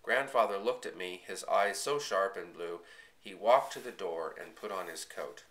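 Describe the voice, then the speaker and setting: Male audiobook reader; expressive first-person storybook narration, bright tone. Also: deep voice, moderate pace. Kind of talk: storybook reading.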